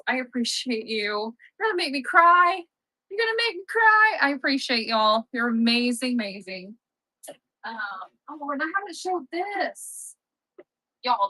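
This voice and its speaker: A woman's voice: a little high, bright, forceful tone, dry recording, rough recording. A young woman hosting a live-selling stream, chatting casually, upbeat and often laughing at herself. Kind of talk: casual live-sale chat.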